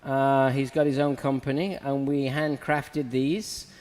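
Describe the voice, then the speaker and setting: A man's voice: mid-range voice, level tone, measured pace, darkish tone, long reverb tail. A man hosting a live show, chatting casually and talking through a razor haircut as he works. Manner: chatty, laughs often, talks through a razor cut. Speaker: host and hair educator. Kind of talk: casual live-stream chat and haircut demo.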